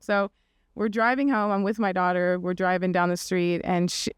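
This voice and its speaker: A woman's voice: medium pitch, fairly even intonation, normal speed, clear, resonant tone, dry recording. A middle-aged woman, a podcast guest, telling a personal story in a casual, chatty way, full of fillers and "like"s, acting out the quoted voices.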